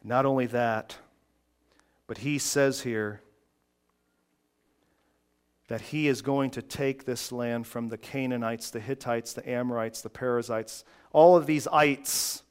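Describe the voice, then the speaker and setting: A man preaching a sermon, slow and emphatic, with dramatic pauses. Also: mid-range voice, fairly even intonation, clean tone. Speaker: pastor.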